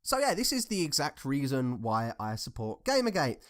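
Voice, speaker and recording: A man riffs through his commentary in a relaxed, rambling way, swearing freely as he tells stories and gives blunt opinions. His voice is smooth and clean, pitched in an ordinary middle register. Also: moderate pace. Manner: profane, blunt and conversational. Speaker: commentary vlogger. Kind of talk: casual rambling commentary with anecdotes.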